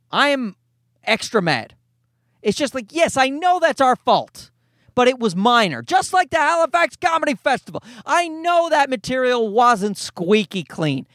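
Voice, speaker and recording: A man's voice: extremely high pitch, fairly bright tone, no echo, clean studio sound. A man in his thirties hosting a podcast, ranting in a casual comedic way, exasperated and profane, rambling with restarts. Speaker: podcast host.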